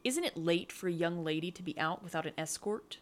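A woman's voice: fairly low pitch, expressive, a little fast, close to an everyday voice. A woman voicing a young male sailor who talks in a dry, teasing, evasive way. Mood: wry.

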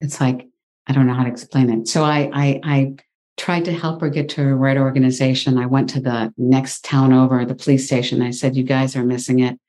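A woman guest in an interview, telling a personal story in a lively, exclaiming way. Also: a bass voice, brisk. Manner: animated, exclaims often.

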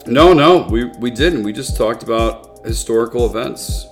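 A man's voice: mid-range voice, normal speed, faint music behind. A man co-hosting a casual beer-tasting podcast, laid-back and dry, chuckling now and then. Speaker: podcast co-host.

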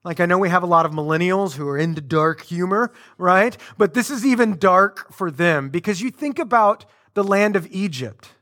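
A man preaching a sermon in a conversational, animated way, with casual asides to the congregation. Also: high voice, moderate pace, hardly any pauses. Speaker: pastor.

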